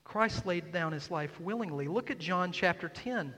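A man preaching a sermon, his voice sitting high for a man. He swings from hushed, almost whispered asides to loud, emphatic calls to the congregation. His voice rings through the long reverb of a big church hall. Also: expressive, moderate pace. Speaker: pastor.

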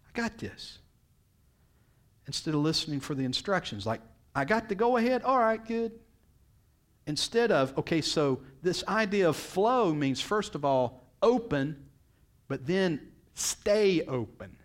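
A man's voice: high-pitched, very animated, unhurried. A middle-aged male pastor preaching a sermon in a storytelling way, his voice jumping up when he quotes people.

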